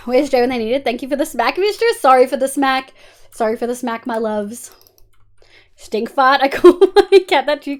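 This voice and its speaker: Chatty Australian woman streaming a game. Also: a little high. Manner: chatty and candid, thinks aloud, swears casually, scolds her cat fondly. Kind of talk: casual live-stream chat while gaming.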